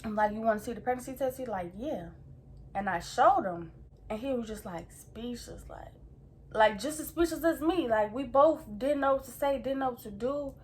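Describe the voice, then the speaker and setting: A young woman tells a personal story as casual chat, in a rather high voice and a slangy, rambling manner. She keeps coming back to fillers and asides, and a faint room hum sits behind her. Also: expressive, normal speed. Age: young adult. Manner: slangy, rambling, repeats "like" and "you feel me". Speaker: vlogger.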